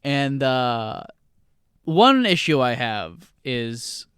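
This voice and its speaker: A man's voice: medium pitch, big pitch swings, extremely slow, fairly bright tone, clear, resonant tone, no echo, studio quality. A man co-hosting a podcast, talking casually and loosely through a film with frequent swearing. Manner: loose, rambling, swears freely. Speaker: podcast co-host.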